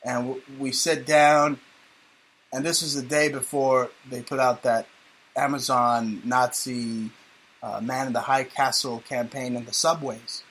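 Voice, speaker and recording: A man's voice: medium pitch, flat delivery, unhurried, a bit bright, low-quality recording. A man hosting a talk radio show, sarcastic and rambling in casual banter.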